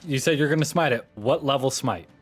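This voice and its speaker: A man acting as dungeon master, running a tabletop game in a casual, quick way. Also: mid-range voice, soft background music.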